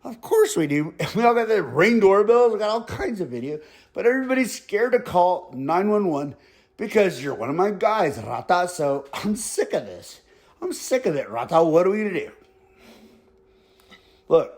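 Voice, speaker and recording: Man voicing a stern neighborhood boss, slow menacing delivery, voice dropped a bit lower. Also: very animated, full character voice. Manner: slow, threatening, mixes in Spanish phrases. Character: stern middle-aged male neighborhood boss.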